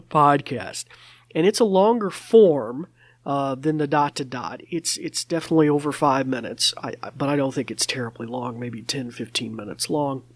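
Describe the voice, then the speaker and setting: A man's voice: medium pitch, no room sound. A man hosting a podcast, talking casually with many fillers and restarts. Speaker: podcast host.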